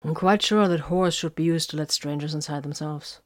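A woman reading the part of a tired, brooding male space warrior in a flat, dry voice. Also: low-pitched, moderate pace, no echo, natural voice. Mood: weary.

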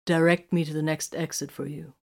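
A woman voicing a stern, cool male soldier sergeant who speaks curtly and slowly, giving commands. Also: low-pitched, little pitch movement, gravelly, a little mellow. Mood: curt, commanding. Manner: curt, commanding, slow and deliberate.

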